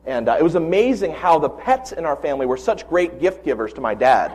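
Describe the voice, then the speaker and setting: A man in his forties preaching a sermon, telling personal stories with animated quoted voices. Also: a little high, brisk, breathy edge. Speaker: pastor.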